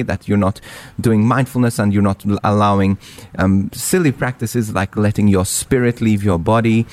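A man who is a Catholic priest, talking in a panel discussion in a halting, earnest way with many restarts. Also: lowish voice, darkish tone. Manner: halting, repeats words, earnest.

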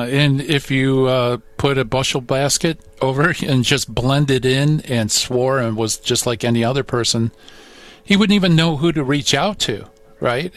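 Radio host guy, middle pitch, agreeing and summing up. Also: dry recording. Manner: affirming, sums up the guest's points. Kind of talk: conversational radio interview.

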